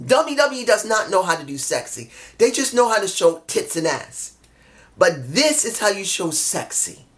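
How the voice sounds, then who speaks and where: Rambling, excitable male wrestling reviewer. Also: sits high. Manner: rambling, excitable, loses track of names. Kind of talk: casual solo review.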